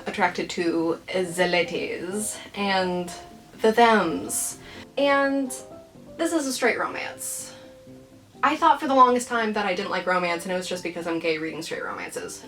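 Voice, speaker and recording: A woman's voice: mid-range voice, fairly bright tone. A young adult woman hosting a casual reading vlog, chatting about her new books in a playful, rambling, self-deprecating way. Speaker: book vlogger.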